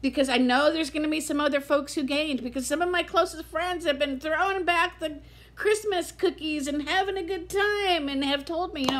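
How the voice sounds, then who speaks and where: A woman in her fifties chats candidly to her camera in a casual vlog, her voice sitting a little high. She sounds tired and close to tears, but she keeps talking openly and frankly. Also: normal speed, fairly bright tone. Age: 50s. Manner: candid, chatty, emotional, near tears. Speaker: vlogger.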